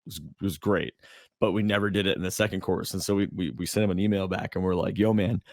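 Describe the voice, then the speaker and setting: A fast-talking man with a deep voice and fairly even intonation co-hosts a podcast and spins a long story. He rambles casually with frequent fillers and restarts, and the audio has no room sound.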